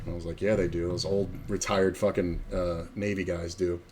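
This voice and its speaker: A middle-aged man telling stories on a casual stream, with a somewhat low voice. He rambles a little, swears freely and acts out what other people said. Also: level tone, a little fast, hardly any pauses, darkish tone, slight background noise. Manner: profane, rambling anecdotes with acted-out quotes. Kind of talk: casual storytelling on a poker stream.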